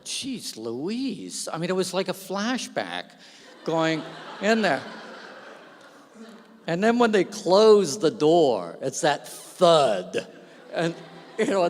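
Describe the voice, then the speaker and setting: A man giving a self-deprecating, storytelling speech from the stage at an awards gala, speaking into a stage microphone. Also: a little high. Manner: self-deprecating, animated anecdotes. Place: large hall. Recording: long hall reverb.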